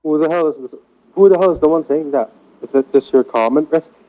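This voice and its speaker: A man's voice: a little high, fast, dark tone, dull audio. A man watching a friend play a game, tossing in blunt, teasing questions. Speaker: co-host friend. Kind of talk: casual game banter.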